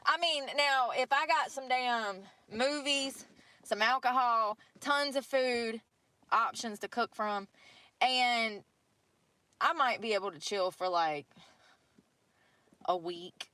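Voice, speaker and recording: A woman's voice: fairly high pitch, slow pace, pauses often, pushed and bright, dry recording. A breathless woman, rambling and cursing freely as she vlogs live outdoors in the snow by a river on a handheld phone. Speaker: vlogger. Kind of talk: casual livestream chat.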